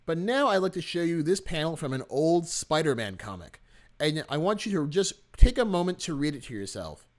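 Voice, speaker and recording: A man teaching a software workshop, explaining step by step in a friendly, animated way and stressing key words. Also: a little high, a little fast. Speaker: workshop instructor. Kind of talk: screen-recorded software tutorial.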